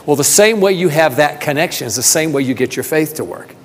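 A man preaching a sermon, asking rhetorical questions and repeating phrases, building from soft talk to emphatic calls. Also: fairly high pitch, lively intonation, fairly quick. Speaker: pastor. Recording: long reverb of a large hall.

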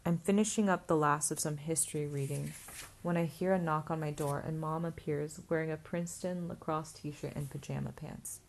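A woman narrating a first-person novel as an audiobook, in a steady, even reading voice. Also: deep voice, normal speed, vocal fry, slight background noise.

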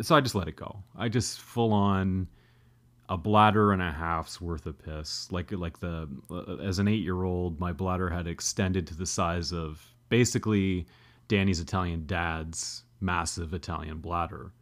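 A man's voice: deep voice, moderate pace. A man in his thirties telling a comedic, profane, self-deprecating childhood story as a podcast host.

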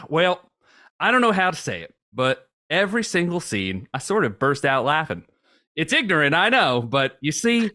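A man's voice: a little high, bright, forceful tone, exaggerated voice. A man putting on the voice of a folksy, indignant old backwoods bushwhacker in a comic reading. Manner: folksy, exclaiming, bursts into laughter.

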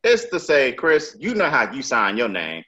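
Male podcast host, lively and emphatic, heavy slang and cursing, dull lo-fi sound. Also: mid-range voice, moderate pace. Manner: animated, profane, emphatic street slang. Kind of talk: casual storytelling chat.

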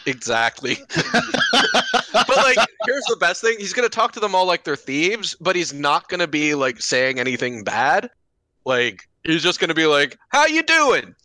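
A man's voice: on the high side, expressive, moderate pace, sharp tone, dry recording. A young man playing a tabletop game, joking around and laughing at his own lines. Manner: jokey, laughs at own jokes. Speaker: player. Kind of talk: casual play at a tabletop game.

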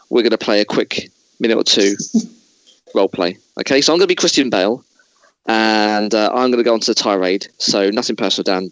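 A man's voice: fairly low pitch, fairly bright tone, no room sound, low-quality recording. A man hosting a casual chat, talking in a digressive way with many restarts. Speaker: podcast host.

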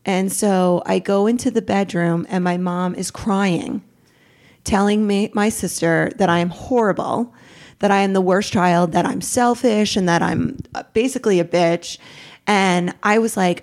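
A woman in her thirties, a podcast guest, telling a raw personal story in a lively way, jumping up in pitch when she quotes people. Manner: animated, acts out quotes with pitch jumps.

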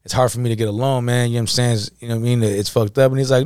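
A man's voice: mid-range voice, racing, few pauses, darkish tone, clear, resonant tone, no echo, studio quality. A man co-hosting a casual podcast, telling a story in heavy slang and acting out the quoted dialogue. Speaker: podcast co-host.

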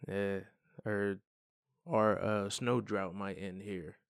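A man's voice: fairly low pitch, fairly even intonation, slow, creaky, smooth, no echo, clean studio sound. A man co-hosting a podcast in casual chat, laid-back and slangy, swearing freely. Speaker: podcast co-host.

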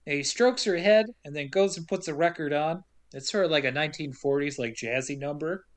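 A woman's voice: low voice, brisk. A woman co-hosting a podcast, recapping a movie in casual chat with a sarcastic, joking manner. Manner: sarcastic, acts out characters in quotes. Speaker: podcast co-host.

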